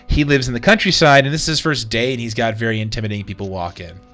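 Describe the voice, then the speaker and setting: Game master, male, crisp bright voice, narrates and walks players through rolls. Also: medium pitch, fast talker, soft background music. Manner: patient, explaining, many fillers. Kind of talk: narrating and running a tabletop game.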